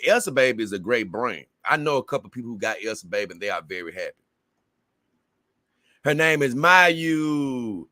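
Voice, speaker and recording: A man's voice: mid-range voice, sharp tone, no echo, studio quality. A man hosting a casual livestream, reading viewer comments aloud and rambling to his audience in a slangy, talkative way.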